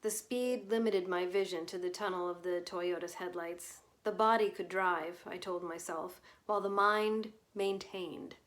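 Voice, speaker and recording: A woman reading a short story aloud as scripted narration, in a measured, subdued way. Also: fairly low pitch, fairly even intonation, fairly bright tone. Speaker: reader.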